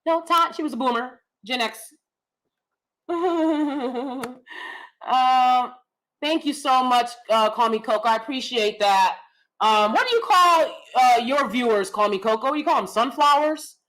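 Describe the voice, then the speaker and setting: A woman in her thirties hosting a casual commentary stream, animated and emphatic, rambling with asides and reacting to chat. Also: high-pitched, unhurried, low-quality recording. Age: 30s. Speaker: commentary channel host.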